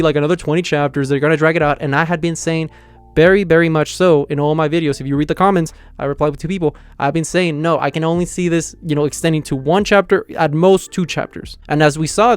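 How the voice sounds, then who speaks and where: Young guy gushing over a manga chapter, smooth clear voice, dry close mic. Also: a little high, dry recording. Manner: enthusiastic, rambling, many fillers and restarts. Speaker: manga reviewer. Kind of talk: casual excited review.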